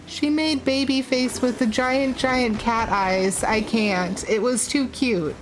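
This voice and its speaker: A woman's voice: on the high side, slow, over music. A woman streamer giving casual game commentary, chatty and openly emotional, with fillers. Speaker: livestreamer.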